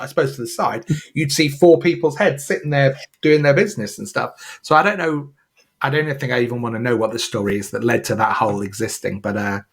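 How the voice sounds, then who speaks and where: A man in his thirties co-hosts a casual podcast chat. His voice is gravelly and a little husky, and his pitch swings widely as he jokes around. He is playful and animated, often slipping into silly voices. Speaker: podcast co-host.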